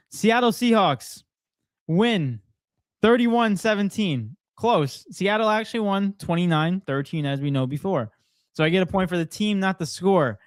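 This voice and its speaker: A man's voice: sits high, no room sound. A young man co-hosting a sports podcast, upbeat and laughing often as he reads out scores and predictions. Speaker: podcast co-host.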